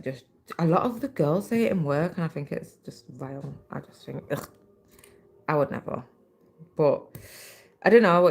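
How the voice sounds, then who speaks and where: A woman's voice: extremely low pitch, darkish tone. A tired woman hosting a live stream, chatting casually and rambling while she stitches, her voice turning scratchy. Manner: chatty, rambling, many fillers. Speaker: livestream host.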